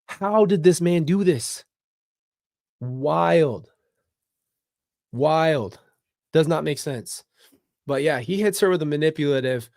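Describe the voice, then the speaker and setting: A man's voice: fairly high pitch, animated, takes it slowly, creaky, pauses often, darkish tone, no room sound, clean studio sound. A man hosting a casual commentary vlog, talking bluntly and emphatically with open frustration. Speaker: channel host.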